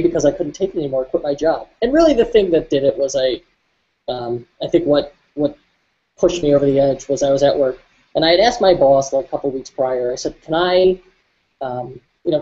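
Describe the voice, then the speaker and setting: A man's voice: a little high, mellow, dull audio. A man guesting on a podcast interview, telling his story candidly and reflectively, with frequent fillers and restarts.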